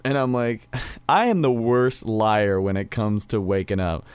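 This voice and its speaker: A young man chats in a low, smooth voice, rambling through a story with plenty of fillers. The sound is dry and close to the mic. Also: unhurried, no room sound. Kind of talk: casual chat.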